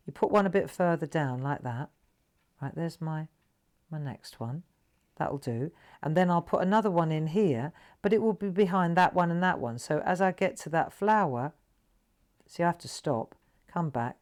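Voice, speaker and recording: A woman with a notably low voice hosts a live craft tutorial. She chats warmly to her viewers as she draws, coaxing them along and checking they can follow. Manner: chatty, encouraging, talks to viewers while drawing. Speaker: craft show host.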